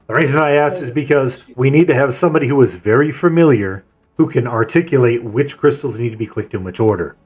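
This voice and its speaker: A man on voice chat leading a game raid, calmly explaining a plan and handing out tasks. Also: medium pitch, fast talker, husky, faint music behind. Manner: calm, methodical, assigns tasks. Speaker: raid leader and streamer. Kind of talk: voice chat while gaming.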